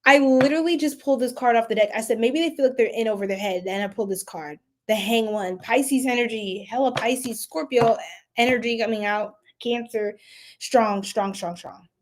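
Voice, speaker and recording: A young woman doing a casual tarot reading, chatty and animated, often laughing and breaking into loud exclamations. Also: on the high side, normal speed, slight background noise. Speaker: tarot reader.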